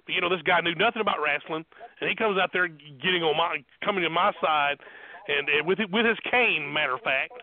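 A man with a Southern accent, a wrestling manager telling boastful stories in an animated way, full of restarts. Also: fairly high pitch, fairly quick. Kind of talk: storytelling on a podcast. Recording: tinny phone line.

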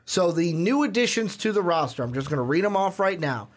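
A man's voice: sits high, very animated, a little fast. A young man hosting a casual podcast, chatty, reading notes aloud with fillers. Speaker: podcast host. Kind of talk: casual chat.

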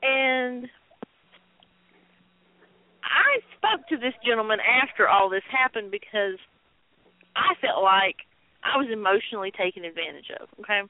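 A woman co-hosting a wrestling talk show, telling stories in an animated, chatty way with laughs and fillers. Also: fairly high pitch, a little slow, pauses often, dry recording. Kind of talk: casual chat. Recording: tinny phone-line sound.

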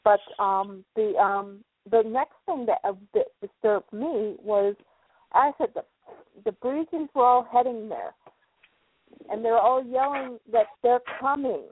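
Husky woman on a phone line. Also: fairly high pitch, dry recording. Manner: halting, restarts and stammers. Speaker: podcast co-host. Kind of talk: casual chat. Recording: tinny phone-line call, dry.

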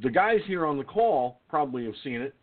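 A man's voice: medium pitch, very animated, brisk. A man hosting an online call-in radio show, ranting profanely and blustering as he repeats himself. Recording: thin phone-like line.

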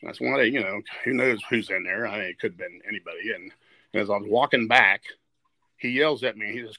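An older man tells stories as a podcast guest, his voice gravelly and bright. He sounds earnest and halting, restarting and repeating words as he goes. The sound is close and dry. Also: lowish voice, no echo. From West Virginia. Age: 60s. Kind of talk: storytelling in a podcast interview.

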